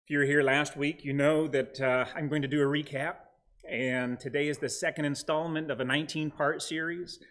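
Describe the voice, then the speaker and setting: A man's voice: a little high, steady tone, fairly quick, fairly bright tone. A middle-aged man preaching a sermon as pastor, earnest with a touch of dry humor, reading scripture passages aloud.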